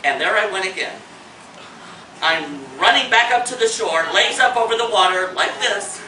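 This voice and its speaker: On a theater stage before a live audience, a man from Indiana performs a comic one-man storytelling show, his high voice pushed and bright at normal speed as he acts out his panic with shrieked lines. The mic is distant, catching a roomy, noisy hall.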